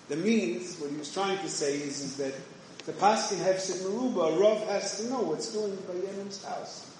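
A man's voice: sits high, normal speed, darkish tone. A man giving a conversational Torah lecture, full of restarts and Hebrew and Yiddish terms. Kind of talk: yeshivish Torah shiur. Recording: very echoey room, faint noise.

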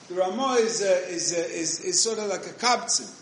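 Speaking briskly in a high, slightly bright voice with lively intonation, a man leads a conversational yeshivish Torah shiur. His talk is full of restarts and Hebrew and Yiddish terms, captured in a very echoey room with faint noise.

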